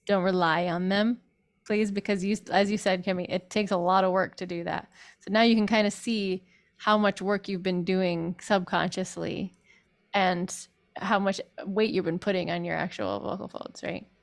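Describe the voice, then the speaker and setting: A woman's voice: medium pitch, fairly even intonation, moderate pace. A woman vocal coach giving a chatty online group singing lesson, breaking into sung demonstrations.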